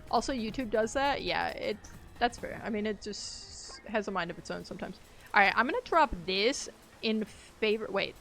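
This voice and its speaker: Woman streamer, fairly high voice, rambling casual chat with lots of giggles, faint music under her. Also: animated, moderate pace, a bit bright. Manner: chatty and rambling, laughs easily. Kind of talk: casual gaming livestream chat.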